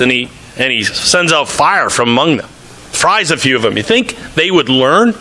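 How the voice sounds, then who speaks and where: A man delivers a church sermon with a fairly high voice and a very bright, sharp edge to his tone. He reads scripture aloud and breaks into animated acted-out quotes as he preaches. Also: normal speed. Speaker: pastor.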